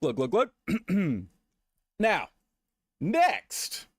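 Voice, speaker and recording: Male streamer, animated and swearing, mock-serious delivery, dry close mic. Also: sits high, moderate pace, no room sound. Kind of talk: comedic slideshow rant.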